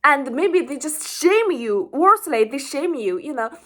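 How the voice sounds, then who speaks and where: A woman's voice: sits high, expressive, a little slow, a bit bright. A woman giving an informal educational talk, explaining earnestly and often rephrasing herself as she goes. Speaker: psychology explainer.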